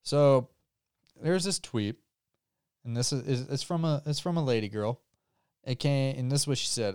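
A man's voice: medium pitch, moderate pace, pauses often, a little mellow, clean tone, no echo, studio quality. A young man co-hosting a casual podcast, joking loosely and cursing, a little tipsy. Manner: loose, joking, profane, says he has been drinking. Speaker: podcast co-host.

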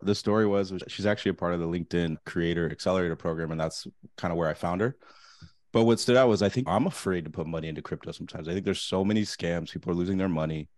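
Very deep, fast-talking sick man. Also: darkish tone, no room sound. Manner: casual, joking. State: sick, congested. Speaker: podcast co-host.

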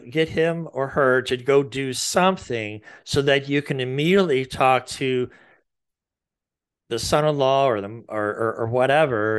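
A middle-aged man, a therapist, talks through his ideas at a very slow, unhurried pace. His voice sits at an ordinary middle pitch. Now and then he acts out soft, gentle lines a parent might say. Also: clean tone. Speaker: therapist and podcast host. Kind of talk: calm explanatory talk.

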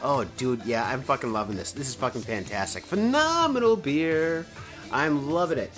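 Animated, profane podcast host man. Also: mid-range voice, normal speed, soft background music. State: tipsy. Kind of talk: casual solo podcast chat while drinking. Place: home in Japan, indoors.

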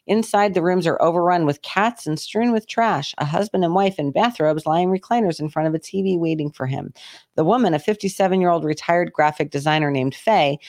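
A man's voice: a little high, brisk, a little mellow, dry recording, studio quality. A man co-hosting a podcast, reading a news article aloud and breaking off for sarcastic, profane asides. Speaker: podcast co-host.

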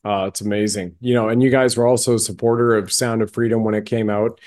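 A man's voice: lowish voice, level tone, quick pace, darkish tone. A male podcast host interviewing a guest in a fervent, emphatic, folksy way. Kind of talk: interview conversation.

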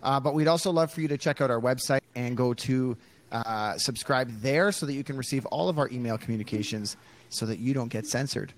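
A man's voice: medium pitch, brisk. Male podcast co-host, mid-range voice, loose delivery, frequent fillers. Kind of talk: casual podcast chat.

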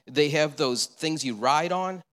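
A male pastor preaching a sermon, animated and storytelling, with rhetorical questions and repeated answers. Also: a little high, measured pace, long reverb tail.

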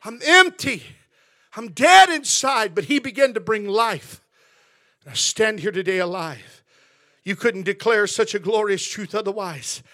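A man preaching a sermon as pastor in a church sanctuary, swinging from shouted declarations to hushed asides. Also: high-pitched, normal speed.

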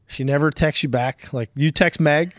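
A man's voice: on the high side, moderate pace, no echo, studio quality. A man in his forties hosting a podcast, telling rambling, profane stories in casual chat. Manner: rambling, profane, animated storytelling. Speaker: podcast host.

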